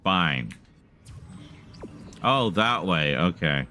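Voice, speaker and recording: A man's voice: low-pitched, big pitch swings, drawn-out words, pushed and bright, a little hiss or hum. A man giving casual, chatty live commentary as he streams a horror game, wry and laughing at himself, with light swearing. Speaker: gaming streamer.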